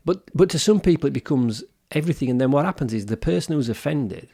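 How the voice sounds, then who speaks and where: A man's voice: fairly high pitch, animated, fast talker, creaky, warm tone. A man, co-hosting a wellbeing podcast, talking earnestly with lots of restarts. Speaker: podcast co-host. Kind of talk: casual podcast discussion.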